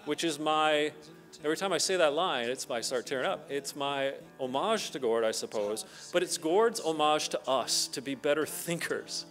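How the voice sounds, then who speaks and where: A man's voice: on the high side, moderate pace, faint music behind. A middle-aged Canadian man giving a conference keynote, telling stories and acting out the voices of the people in them. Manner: animated storyteller who acts out quoted voices. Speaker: keynote speaker.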